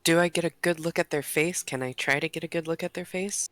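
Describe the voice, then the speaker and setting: A woman's voice: sits low, steady tone, fast, fairly bright tone, dry recording. A woman playing a tabletop role-playing game, describing her character's actions and thinking aloud. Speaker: player. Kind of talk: casual chat.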